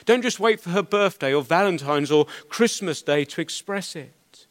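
Middle-aged male pastor, earnest and conversational, voice on the higher side. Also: expressive, normal speed. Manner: earnest, conversational, with small stammers. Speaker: preacher. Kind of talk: expository sermon.

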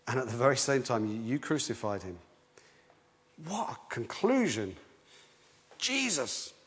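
A man preaching a sermon in a lively, conversational way, often restarting his sentences. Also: mid-range voice. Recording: long hall reverb.

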